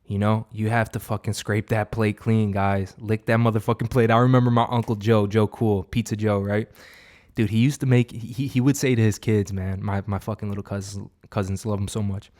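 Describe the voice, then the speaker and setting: A man's voice: lowish voice, steady tone, a little fast, darkish tone. A young man giving an unscripted, profane motivational monologue as a vlogger, rambling with many fillers and restarts.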